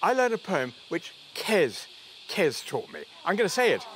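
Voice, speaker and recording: Jovial storytelling man, animated and forceful. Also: sits high, normal speed, a little hiss or hum. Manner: jovial storytelling, laughs often, restarts his sentences. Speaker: reality show contestant guest. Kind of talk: chatty anecdotal interview.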